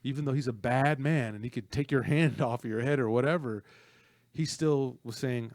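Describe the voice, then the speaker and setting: Male co-host, mid-range voice, dry sound, lively film-buff storyteller. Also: medium pitch, moderate pace, dry recording. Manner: animated storyteller, acts out movie lines. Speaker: podcast co-host. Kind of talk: casual film discussion.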